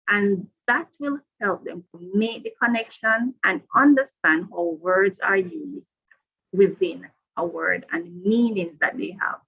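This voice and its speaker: Woman teacher trainer talking to colleagues, real slow and deliberate, repeats stuff, kinda dull lo-fi sound. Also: mid-range voice, breathy edge. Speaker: teacher trainer presenting a workshop. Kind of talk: professional development presentation.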